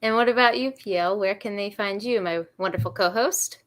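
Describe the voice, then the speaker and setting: A woman hosting a livestream interview, appreciative and quick to laugh. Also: medium pitch, a bit bright. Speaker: podcast host.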